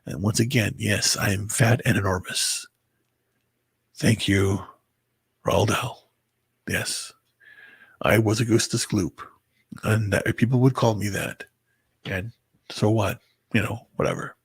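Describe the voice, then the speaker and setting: A very tired man talking to his viewers in a halting personal monologue, often stumbling and restarting his words. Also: on the low side, steady tone, gravelly, husky, no echo. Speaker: vlogger. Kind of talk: rambling personal monologue to camera.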